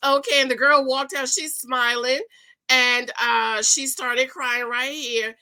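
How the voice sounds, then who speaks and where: Bright, high-voiced woman gossiping. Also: takes it slowly. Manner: animated, gossipy, slangy, acts out quotes. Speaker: YouTube reality TV recapper. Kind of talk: casual gossip chat.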